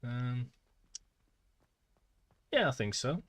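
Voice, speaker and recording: A man's voice: medium pitch, very animated, very slow, fairly bright tone. A man with a British accent chatting casually on a gaming livestream, dry, rambling and self-deprecating. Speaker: gaming streamer.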